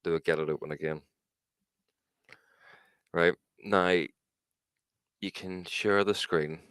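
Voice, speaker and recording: A man's voice: sits low, fairly even intonation, slow pace, a bit bright, clean tone, no room sound. Man, Northern Irish accent, young adult, casual podcast banter, sweary, dry close sound. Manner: sweary, laughs a lot. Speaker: podcast co-host.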